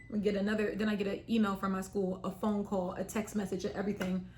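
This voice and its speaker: Speaking straight to camera, a young woman vlogger tells a personal story in a loose, chatty way, fast and at medium pitch. She animatedly acts out little quotes of herself, her sister and family, keeping things lively. A faint hiss runs beneath the recording.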